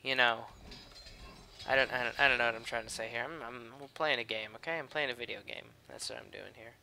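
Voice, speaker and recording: A man's voice: medium pitch, fast, creaky, sharp tone, slight background noise. Rambling young man commentating a game. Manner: rambling, sarcastic, talks back at the game. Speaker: gameplay commentator. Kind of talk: casual let's-play commentary.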